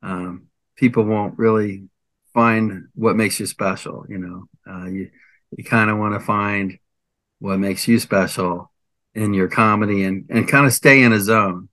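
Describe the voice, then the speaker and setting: Bright, dry-voiced older man rambling. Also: lowish voice, fairly even intonation, unhurried, no room sound. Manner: rambling, hesitant, lists things with many fillers. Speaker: comedian guest. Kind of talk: casual interview chat.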